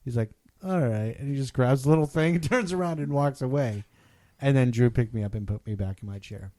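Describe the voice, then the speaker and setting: A man co-hosting a podcast, telling a story in a casual, animated way and loudly acting out what people said. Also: medium pitch, a little fast. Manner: animated, acts out quotes loudly. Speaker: podcast co-host.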